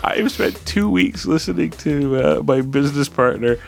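A man's voice: medium pitch, very animated, normal speed, vocal fry, faint music behind. A man co-hosting a podcast in casual chat, rambling with restarts and laughs. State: hiccups, drinking beer. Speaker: podcast co-host.

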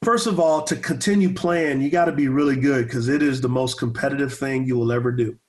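A man's voice: mid-range voice, fairly quick, darkish tone. A man in his forties, a pastor and former football player, telling stories in a casual interview with energy, repeating words and stuttering a little. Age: 40s.

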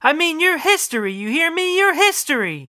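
A betrayed, indignant wife, played by the storyteller, who fires back sharp questions in a lifted voice. The sound is bright and edgy. The recording is dry and close. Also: high-pitched, big pitch swings, moderate pace, dry recording, voice pushed up, heavily acted. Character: hurt, indignant middle-aged wife, a teacher.

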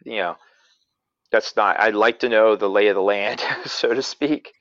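In a dry, close recording with a dull, slightly lo-fi quality, a man who investigates the paranormal and hosts a podcast shares a story in casual conversation. His lowish, fairly bright voice is unhurried, and he rambles along with lots of "you know" fillers and restarts.

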